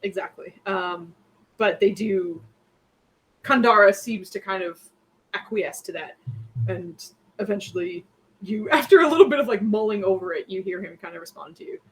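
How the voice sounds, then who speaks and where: A woman's voice: mid-range voice, normal speed, poor audio. A woman running a tabletop game as its game master, narrating with frequent laughs and fillers. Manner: giggly, lots of fillers.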